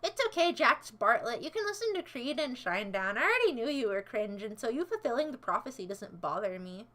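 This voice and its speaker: A woman's voice: on the high side, sing-song, brisk, a bit bright. A woman livestreaming in a casual chat, answering her viewers in a playful, goofy way that jumps between silly voices and asides.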